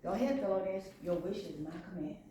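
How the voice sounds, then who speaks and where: A woman voicing a hushed, solemn fish princess. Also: lowish voice, fast, a little hiss or hum, voice pushed down, close to an everyday voice. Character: wise, calm female fish princess granting wishes. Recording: very echoey room, mic far off.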